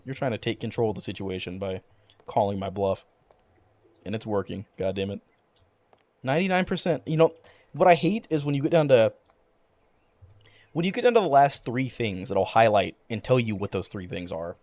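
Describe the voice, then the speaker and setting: A young man streams a game and chats casually, rambling with lots of fillers and frequent swearing. His voice is on the low side and a little mellow, moving at a moderate pace with frequent pauses.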